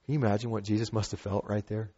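A man preaching a sermon as a pastor, conversational and animated, with playful asides and acted-out quotes. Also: fairly low pitch, racing, slightly rough, dull audio.

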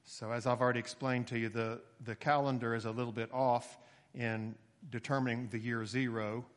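An expository sermon comes from a male preacher whose medium-pitched voice moves at a normal speed. He teaches steadily and explains carefully, sometimes rising for emphasis, all within long hall reverb.

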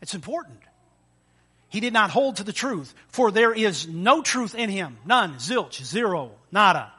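A man preaching with a high, bright voice. He is animated and playful, acting out small scenes with voices and sound effects as he preaches. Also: measured pace, slightly rough. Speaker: pastor. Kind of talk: sermon.

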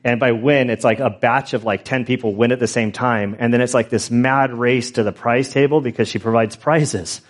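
A middle-aged pastor telling stories in a loose, self-deprecating sermon with many restarts and asides. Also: male voice, mid-range voice, fairly even intonation, normal speed, hardly any pauses. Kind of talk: conversational Bible teaching with stories.

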